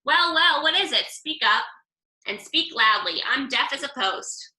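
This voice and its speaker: A woman voicing a cross, half-deaf old male owl with a scratchy voice, speaking gruffly in a storybook reading. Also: high voice, expressive, a little slow, reverberant, distant mic, exaggerated voice. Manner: gruff and impatient, loud.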